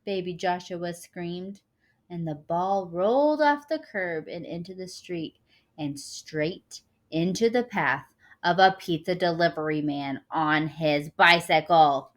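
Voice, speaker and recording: A woman reading a picture book aloud with lively expression, dropping casual asides to her listeners. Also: lowish voice, unhurried. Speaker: storyteller.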